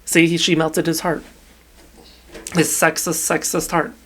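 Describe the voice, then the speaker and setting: A man's voice: fairly high pitch, little pitch movement, a little slow, a bit bright, slight background noise. Rambling young man recapping a book. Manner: rambling, loose retelling with filler and swearing. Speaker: podcast co-host recapping a novel. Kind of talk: casual chat.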